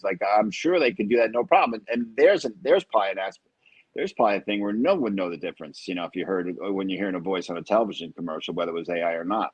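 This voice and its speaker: Husky low-voiced middle-aged man. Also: lively intonation, no room sound, highs cut off. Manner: reflective, measured, with frequent "uh" pauses. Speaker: actor guest. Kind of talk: casual podcast conversation.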